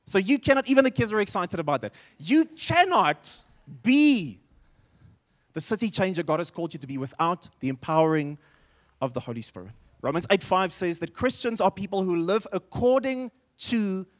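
High-voiced animated male pastor preaching. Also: normal speed. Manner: animated storytelling, emphatic repetitions. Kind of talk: sermon. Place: church.

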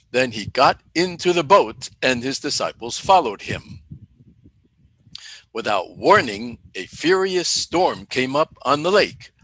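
A man teaching a Bible lesson in a deliberate way, asking questions and then answering them himself. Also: mid-range voice, a bit bright, husky, poor audio. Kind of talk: teaching sermon.

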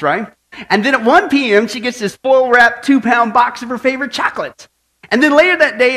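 High, bright joking preacher man. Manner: playful storyteller, asks the crowd "right?". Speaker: pastor. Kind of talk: sermon with jokes.

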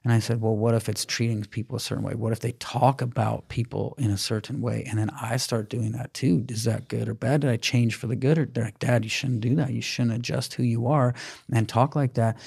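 A man co-hosting a parenting podcast, telling a family story in an animated way, acting out the quoted dialogue. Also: medium pitch, a little fast, vocal fry, husky. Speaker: podcast co-host. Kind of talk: casual parenting chat.

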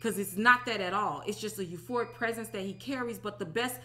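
A woman in her thirties giving an animated, emphatic personal testimony, often asking "okay?". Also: medium pitch, a little fast. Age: 30s. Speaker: religious teacher.

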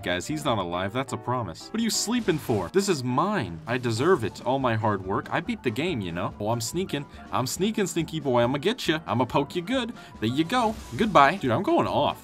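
Excitable young man with lively pitch. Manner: excitable, jokey, talks trash to enemies. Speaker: gaming youtuber. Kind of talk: casual gameplay commentary. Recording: faint game music behind.

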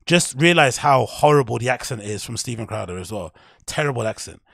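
A man commentating on a video with blunt, heated opinions and plenty of profanity. His voice carries a gravelly rasp and sits mid-range. The sound is dry and close to the mic. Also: medium pitch, expressive, brisk, a bit bright, dry recording. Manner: blunt, heated, swears a lot. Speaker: commentator reacting to a clip.

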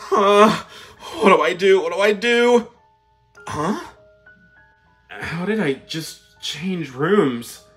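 A young hedgehog hero, played by a man with a lively, bouncing voice and an unhurried way of talking. He mutters nervously to himself as things grow strange in a fan plush cartoon. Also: high voice, heavily acted. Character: cocky young hedgehog hero, hungry and jumpy. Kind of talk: fan plush video voice acting.

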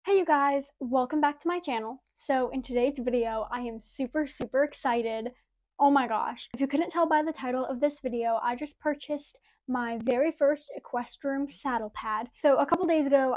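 A young woman vlogger doing a casual unboxing at home, gushing and excitable, a little out of breath, filling her talk with "like" and "oh my gosh". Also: high-pitched. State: slightly out of breath. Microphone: wireless mic.

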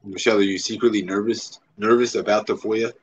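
A man's voice: fairly low pitch, steady tone, brisk, breathy edge, highs cut off. A man hosting a casual livestream chat, teasing his guest with prodding questions. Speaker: livestream host.

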